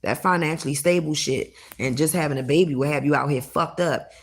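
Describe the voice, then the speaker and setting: Low, gravelly, blunt-talking woman. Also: fairly quick. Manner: blunt, profane, animated storytelling. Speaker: livestreamer. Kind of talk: casual livestream chat.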